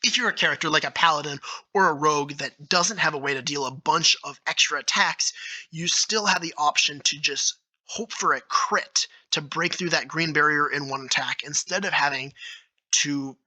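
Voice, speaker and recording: A man talking solo as a video creator, explaining his own tabletop game rules with eager enthusiasm, thinking out loud with fillers and restarts. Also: a little high, normal speed, low-quality recording. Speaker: YouTube creator.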